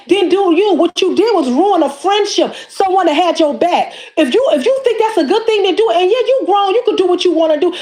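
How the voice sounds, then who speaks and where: High-pitched woman, impassioned and preachy. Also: darkish tone. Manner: preachy and emphatic, repeats phrases. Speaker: YouTube creator. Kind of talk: impassioned direct-to-camera monologue.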